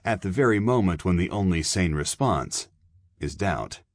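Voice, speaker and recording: A man doing an understated, ironic inspector in an audiobook, dry and quiet in his replies. The voice is deep and husky with no room sound. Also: expressive, normal speed, no room sound.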